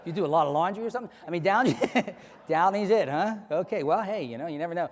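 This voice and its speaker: In a large hall before an audience, a man runs a live hypnosis stage show, firing off rapid, repetitive suggestions to volunteers in a commanding yet playful, expressive way. His fairly high voice moves very quickly. The live stage recording is echoey, his words ringing through the hall with a lingering echo.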